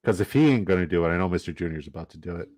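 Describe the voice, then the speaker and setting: A man's voice: deep voice, expressive, very fast, a little mellow. A man from Canada, giving loose, jokey commentary and swearing casually while running down a fantasy football draft.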